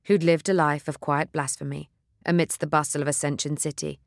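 Steady audiobook narrator, dry sound. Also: medium pitch, gravelly, no echo. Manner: measured, steady storytelling.

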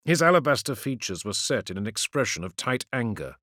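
A man's voice: mid-range voice, big pitch swings, fairly quick, sharp tone, no echo, studio quality. A man reading a science fiction audiobook in a dramatic, vivid narration style.

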